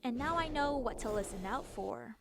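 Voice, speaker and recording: A woman TV travel reporter narrating a travel feature and interviewing locals in a bright, upbeat, curious way. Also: on the high side, expressive, normal speed, creaky, noisy background. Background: music.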